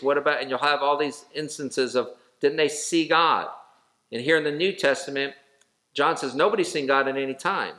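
A male pastor leading a Bible study in an ordinary mid-range voice. He talks through the verses conversationally, restarting and correcting himself along the way. He slows down and stresses the phrases he wants to stick. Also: medium pitch, bright, forceful tone. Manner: conversational, with fillers and self-corrections.

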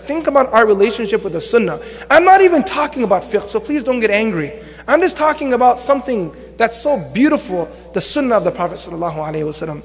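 A young man giving a lively sermon as an imam, telling stories and acting out quotes with humor. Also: high voice, fast. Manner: animated storytelling with acted-out quotes and humor. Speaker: imam and lecturer. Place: mosque hall. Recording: long hall reverb.

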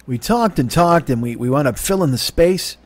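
A man's voice: fairly high pitch, lively intonation, moderate pace, no room sound. A man hosting his own comedy podcast, rambling and swearing in a self-mocking monologue. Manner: rambling, profane, self-mocking, bursts into silly crooning. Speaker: podcast host.

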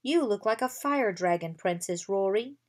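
A woman's voice: mid-range voice, animated, normal speed, lightly acted. A woman reading aloud as a kind, friendly young girl who trains dragons.

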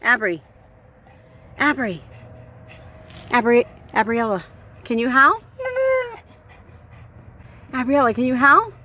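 A woman's voice: a little high, slow, long pauses, pushed and bright. A woman filming at home on a handheld phone, talking baby-talk to her dogs and a small child in a cooing, coaxing voice. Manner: cooing, sing-song, coaxing. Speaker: dog owner filming her pets.

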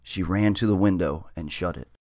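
A man hosting and reading a children's story aloud in a lively, expressive way. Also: sits low, moderate pace, dry recording, studio quality. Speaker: storybook reader and host.

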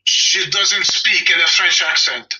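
A man's voice: sits high, slow pace, sharp tone, slightly rough. Wry Californian man in his sixties. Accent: Southern Californian. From Los Angeles. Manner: opinionated, wry, digressive storyteller. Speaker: dog trainer. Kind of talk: casual podcast chat. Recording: dull lo-fi audio.

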